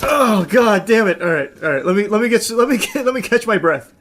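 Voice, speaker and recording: A man giving let's-play commentary, yelling and swearing at the game, with dry low asides between outbursts. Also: expressive, brisk, faint music behind. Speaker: gaming video host.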